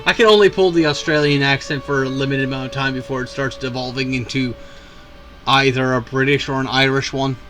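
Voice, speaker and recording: A man's voice: mid-range voice, steady tone, brisk. A man casually voicing his own scenes while playing a game, rambling and correcting himself. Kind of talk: casual role-play voicing over game. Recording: loud game music behind.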